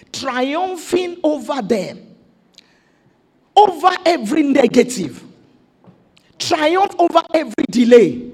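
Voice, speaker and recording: A Nigerian woman pastor preaching an exuberant sermon that rises to shouted declarations. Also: high voice, breathy edge.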